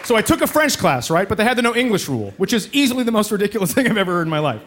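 A man's voice: high voice, big pitch swings, rapid-fire. A man doing a stand-up set in a comedy club, sarcastic and acting out voices. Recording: live club with loud crowd laughter. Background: audience laughter.

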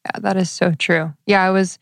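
A young adult woman co-hosts a podcast, chatting casually in a reflective, open way with lots of fillers and pauses. Her voice is low-ish and gravelly, with fairly even intonation and no echo.

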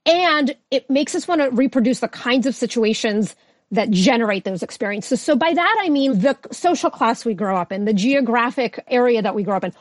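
A woman sociologist explaining her research concepts as a guest on a podcast, in a clear lecture-like way. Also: on the high side, expressive, moderate pace, no room sound. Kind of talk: podcast interview answers.

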